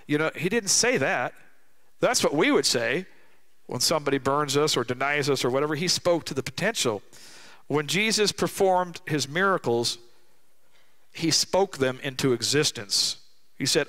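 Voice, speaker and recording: A middle-aged man delivers a sermon in a church, his voice sitting a little higher than most men's. He preaches with emphasis and drops into slow, deliberate phrasing to drive home his main points. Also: lively intonation, a bit bright. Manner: emphatic preaching, slows down to stress key lines. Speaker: guest speaker.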